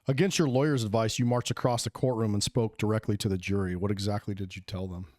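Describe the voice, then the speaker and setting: Host: man with a low voice asking brief questions, dry sound. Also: fairly even intonation, quick pace, darkish tone, no echo. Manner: brief prompting questions and reactions. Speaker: podcast host. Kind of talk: interview questions.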